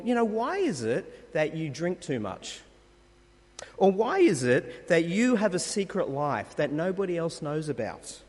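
A man delivers a sermon in a lively, rising and falling voice, set a touch high for a man. He presses his points with emphatic rhetorical questions. His words ring out with the long reverb of a large hall. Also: slightly rough. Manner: emphatic, rhetorical questions, addresses listeners as friends. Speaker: pastor.

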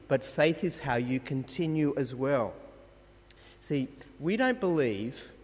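A man's voice: a little high, in a large hall. A man preaching a sermon as pastor, emphatic and full of rhetorical questions, calling his listeners friends.

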